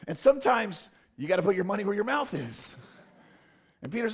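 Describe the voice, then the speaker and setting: A man's voice: sits high, big pitch swings, fairly quick, vocal fry, slightly rough. A man preaching a casual, conversational sermon as a pastor, joking and wandering into loose asides. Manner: informal, joking, rambling asides. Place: church.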